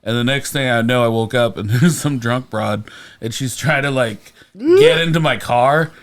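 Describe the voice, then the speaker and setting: A man's voice: medium pitch, big pitch swings, normal speed. A man co-hosting a comedy podcast, telling rambling, self-mocking anecdotes in a casual chat.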